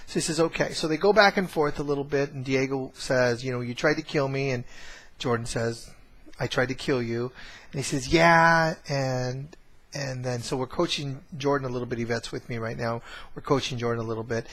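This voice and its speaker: A man's voice: mid-range voice, steady tone, a little fast, a bit bright. Male trainer, casual vlog storytelling, rambling delivery with frequent restarts. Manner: rambling, many fillers and restarts. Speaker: course trainer.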